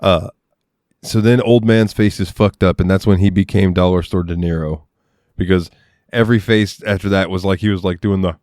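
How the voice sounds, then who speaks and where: A man co-hosting a podcast, chatting about a film in an animated way, laughing often and swearing freely. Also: low voice, moderate pace, no echo, studio quality. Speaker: podcast co-host. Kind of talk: casual chat about a film.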